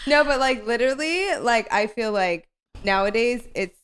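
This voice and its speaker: A lively young woman from New York chats casually, her voice swooping up and down with a bright, forceful edge. She talks fast in bursts, peppered with fillers and quick laughs. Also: on the high side, clear, resonant tone. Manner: animated, laughing, filler-heavy. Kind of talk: casual chat.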